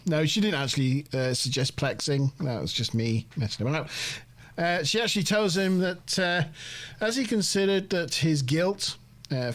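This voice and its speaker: A man hosting a casual TV review podcast, recapping an episode in a rambling, self-deprecating way full of fillers. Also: on the high side. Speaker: host of a TV review show.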